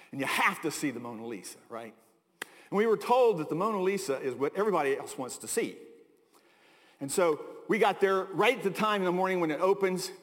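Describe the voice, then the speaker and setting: A middle-aged American pastor with a high voice tells stories as he preaches, chatty and full of asides. His words ring out with a long reverb from the large hall. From United States. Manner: conversational storytelling with asides and chuckles. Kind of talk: sermon.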